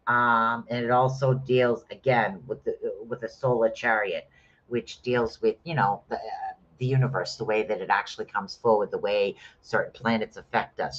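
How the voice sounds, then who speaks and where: A man's voice: medium pitch, sharp tone. A middle-aged man chatting casually through a live rune reading, calling his listeners honey. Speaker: rune reader. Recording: dull lo-fi sound.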